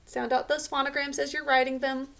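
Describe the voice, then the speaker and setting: A woman's voice: high-pitched, flat delivery, a little fast, vocal fry, fairly bright tone. A woman teacher giving a recorded spelling lesson, patiently sounding out each syllable and letter sound.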